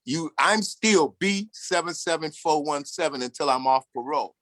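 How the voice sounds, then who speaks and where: Man, 60s, pitch a touch high, dry close mic, candid storyteller. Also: normal speed, fairly bright tone, dry recording. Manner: earnest and candid, acts out other people's lines in the story. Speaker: formerly incarcerated speaker. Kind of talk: personal storytelling talk.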